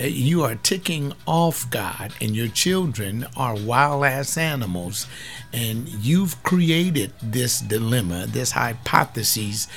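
Man, preacher, fiery scolding sermon, gravelly, medium pitch. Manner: confrontational, scolding, emphatic.

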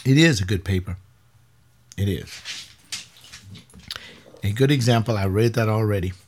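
A man who is a pastor giving webcast commentary, rambling and conversational with blunt rhetorical questions, tired and aching, sometimes dropping low and quiet and then rising sharply when he argues. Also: moderate pace. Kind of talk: webcast commentary reading and answering a paper.

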